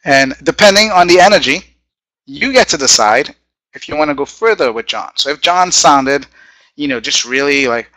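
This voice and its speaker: A man with a bright, forceful voice coaches a room of trainees, acting out phone calls in a direct, conversational way. The sound is close and dry, with no room echo. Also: mid-range voice, animated, fairly quick. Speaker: network marketing trainer. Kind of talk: training talk to a live group.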